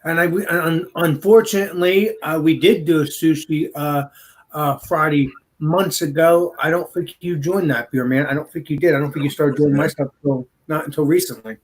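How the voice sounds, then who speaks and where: A man hosting a casual online food and beer show, chatting in a relaxed, rambling way. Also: a little high, normal speed. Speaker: host.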